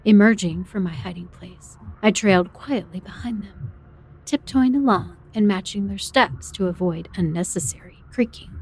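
A woman's voice: medium pitch, normal speed, darkish tone, slightly rough, soft background music. A woman narrating a first-person horror story in a tense, dramatic way.

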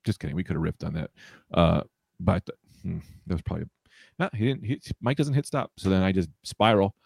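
A man's voice: deep voice, fairly quick, vocal fry, darkish tone, slightly rough, no room sound, clean studio sound. A man hosting a casual comedy podcast, riffing playfully and laughing often. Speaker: podcast host.

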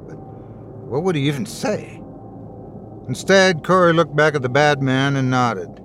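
A man narrating a scary story in an expressive, storytelling way. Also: fairly high pitch, measured pace, pauses often, background noise. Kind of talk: scripted horror story narration.

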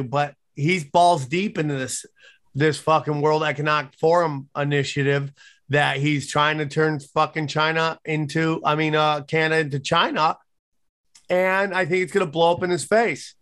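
A man's voice: a little high, fairly bright tone. A man co-hosting a finance talk show, blunt, profane and opinionated. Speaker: co-host. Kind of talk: casual podcast chat.

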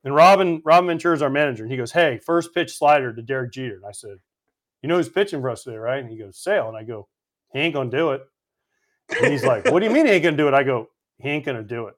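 A man telling animated, profane stories in a casual podcast chat, acting out the quotes. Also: medium pitch, very fast. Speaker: podcast co-host and former teammate.

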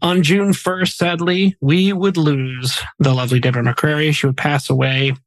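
A man's voice: fairly high pitch, fairly even intonation, moderate pace, poor audio. A man hosting a music podcast, reading memorial facts in a chatty way with jokey asides. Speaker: podcast host. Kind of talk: casual podcast narration of memorial segments.

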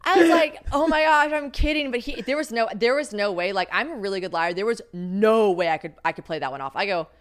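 A woman's voice: mid-range voice, expressive, fast, few pauses. A young woman chats casually as a podcast host. She tells a candid story and acts out the lines of the people in it. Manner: candid, storytelling with acted-out quotes. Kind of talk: casual chat.

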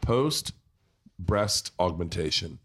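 Low voiced guy hosting a podcast, rambling cussy stories at a pub. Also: expressive, slow pace, breathy edge. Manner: rambling, profane anecdotes. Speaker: podcast host. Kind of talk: casual storytelling chat.

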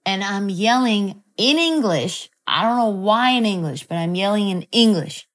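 A woman telling a personal story in a casual chat, animated and full of fillers. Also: medium pitch, moderate pace.

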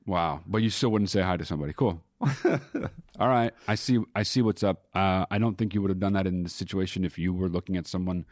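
A man's voice: deep voice, a little fast, no room sound, studio quality. A man in casual podcast chat with his brother, teasing and skeptical, laughing often.

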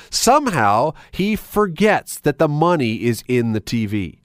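A man's voice: fairly high pitch, huge pitch swings, unhurried, no echo, clean studio sound. A man hosting a call-in radio show, chatty and musing aloud as he sets up a question for listeners. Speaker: radio talk show host. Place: radio studio. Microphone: studio mic.

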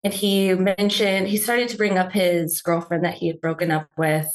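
A woman's voice: fairly low pitch, level tone, normal speed. A woman telling a family story as a caller, chatty and hesitant, with many fillers. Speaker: caller seeking advice. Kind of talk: casual storytelling.

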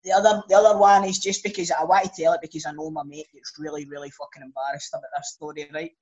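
A Scottish man telling sweary, animated stories in a casual podcast chat. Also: on the high side, fast talker, lo-fi sound.

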